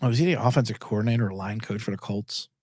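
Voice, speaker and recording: A man's voice: on the low side, quick pace, dry recording, clean studio sound. A man hosting a sports betting podcast in a casual, rambling chat that swears now and then. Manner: animated, rambling and profane, with many restarts.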